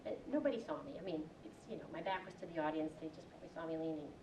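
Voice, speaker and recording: Woman, 40s, from Wisconsin, branding coach telling her life story on stage; animated, acts out quotes; lowish voice, distant mic in an echoey room. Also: very fast. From Wisconsin, USA. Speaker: branding coach giving a talk. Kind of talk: personal storytelling talk. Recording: roomy echo from far off, faint hiss.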